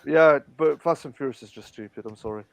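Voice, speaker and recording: A man's voice: mid-range voice, brisk, vocal fry, crowd noise. A man with a British accent co-hosting a casual live show, giving blunt opinions with casual fillers. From Britain. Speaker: co-host.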